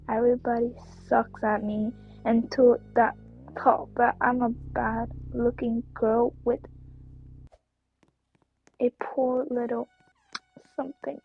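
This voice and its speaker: A woman chatting casually over her gameplay, rambling, slipping into whispers and breaking into sudden excited outbursts. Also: a little high, slow pace, vocal fry, pauses often, husky, soft background music. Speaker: gameplay streamer. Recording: dull lo-fi dry recording.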